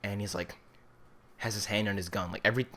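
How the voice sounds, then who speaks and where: A man's voice: fairly low pitch, steady tone, fast, a bit bright. A young man in his late teens telling a story in a casual, rambling way, with lots of fillers. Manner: rambling, filler-heavy "like" delivery. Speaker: vlogger.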